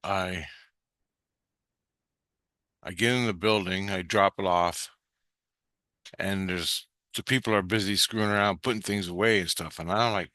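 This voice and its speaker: A man's voice: sits low, steady tone, measured pace, long pauses, pushed and bright, no echo, studio quality. A man casually recounting a dreamlike experience, meandering with frequent restarts and offhand swearing. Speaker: vlogger recounting a spirit-world vision. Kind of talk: casual rambling storytelling.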